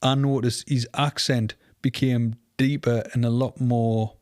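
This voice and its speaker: A man's voice: mid-range voice, flat delivery, a little slow, a little mellow, no room sound, clean studio sound. A man co-hosting a movie podcast, speculating in a rambling, casual way. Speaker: podcast co-host. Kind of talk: casual chat.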